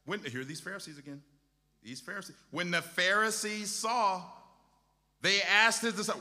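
A man's voice: sits high, moderate pace, bright, forceful tone, big-room sound. A male pastor preaching a sermon with impassioned, repetitive exhortations.

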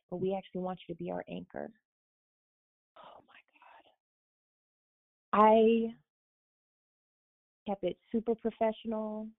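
A young woman from Florida, a guest telling her story in a casual, animated way and often quoting others. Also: mid-range voice, no room sound. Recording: dry tinny phone-line sound.

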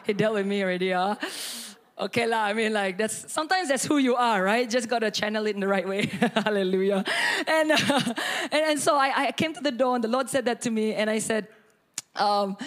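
A woman pastor, preaching and telling a personal story with animated, expressive delivery. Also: brisk. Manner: animated storytelling, acts out quotes with sudden high bursts and laughter.

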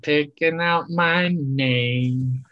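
A man's voice: a little high, extremely slow, highs cut off. A man co-hosting a podcast in casual chat, playful and jokey. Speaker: podcast co-host.

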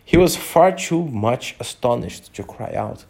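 A man's voice: mid-range voice, lively intonation, a little slow, gravelly, a little mellow. A man reading a children's story aloud in a casual way, with slips and small asides.

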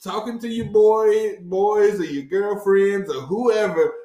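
A man telling stories in a casual chat, animated and profane, laughing often. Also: high voice, slow, roomy sound.

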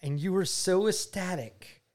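An earnest father shares his personal faith testimony with his daughter in a higher, unhurried voice. He speaks heartfelt words, repeating himself and growing soft when moved.

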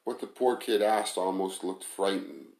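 A man reading a first-person story aloud in a plain, even storytelling manner. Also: low voice, measured pace, vocal fry. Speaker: narrator. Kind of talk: first-person audiobook narration. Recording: roomy echo.

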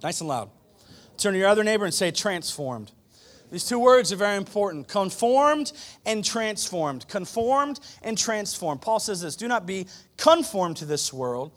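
A man preaching a sermon to a live church congregation, emphatic and conversational, dropping from loud declarations into quiet, joking asides. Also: a little high. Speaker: pastor.

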